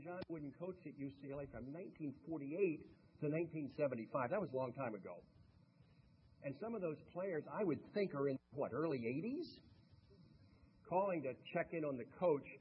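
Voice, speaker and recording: A man's voice: a little high, phone-quality sound, a little hiss or hum. A man giving a motivational speech, telling folksy stories and talking directly to the audience. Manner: folksy storytelling, talks to the audience. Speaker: motivational speaker.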